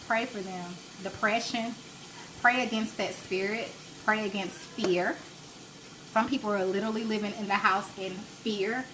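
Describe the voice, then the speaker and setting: Background noise runs under this mid-range female voice. She's in her 30s, streaming live from her home kitchen as a cooking host, chatting with viewers and preaching encouragement to pray.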